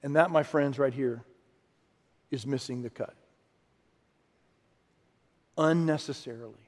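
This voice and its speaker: A man preaching a sermon, animated and often acting out quoted voices, with frequent restarts. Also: medium pitch, a little slow. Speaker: pastor. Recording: long hall reverb.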